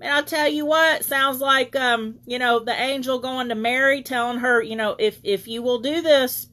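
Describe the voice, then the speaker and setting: A woman's voice: fairly high pitch, steady tone, normal speed, a bit bright. A woman leading an online Bible teaching as preacher, reading scripture aloud and greeting viewers by name.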